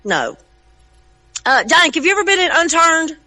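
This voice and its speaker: A woman's voice: very high-pitched, sing-song, normal speed, pushed and bright, poor audio. A woman with a Southern US accent in a casual voice chat, blunt and chatty, dropping "y'all". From Southern United States. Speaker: chat participant.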